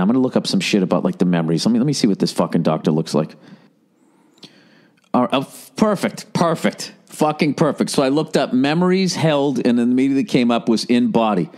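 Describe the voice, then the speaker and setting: A man's voice: lowish voice, a little mellow. A man in his late forties hosting a podcast, riffing in a profane, sarcastic comedic monologue and slipping into mock voices. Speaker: podcast host.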